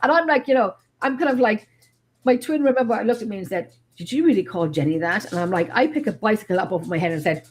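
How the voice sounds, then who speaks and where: An Irish woman hosting a paranormal live stream, telling stories in a rambling, animated, casual way. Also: on the high side, quick pace. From Ireland.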